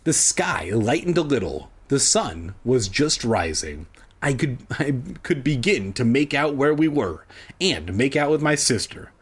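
A man's voice: mid-range voice, sing-song, measured pace, husky. A man reading a children's book aloud for comedy, with sarcastic, profane asides. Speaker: comedic reader.

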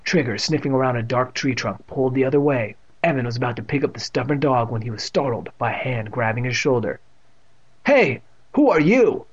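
A man's voice: mid-range voice, fairly even intonation, fast talker, hardly any pauses, breathy edge, lo-fi sound. A man reading a children's book aloud, slipping snarky asides into the text. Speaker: reader.

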